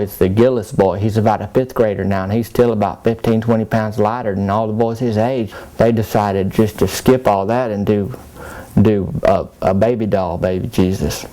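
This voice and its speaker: A man's voice: on the low side, dark tone. A man telling a rambling small-town story in folksy country talk. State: soaked and cold. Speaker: comedic character monologue.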